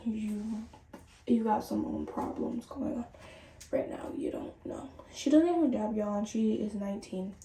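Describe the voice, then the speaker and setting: A woman's voice: medium pitch, measured pace, a little hiss or hum. A woman in her late teens chatting to viewers in a casual storytime while doing her skincare. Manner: chatty, animated, addresses viewers directly. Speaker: vlogger. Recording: roomy and distant from the mic.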